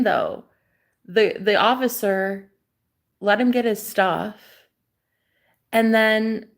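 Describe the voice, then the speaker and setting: Gravelly-voiced young woman telling a story. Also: mid-range voice. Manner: animated, swears freely, acts out quotes. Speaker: vlogger. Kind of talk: casual storytime vlog.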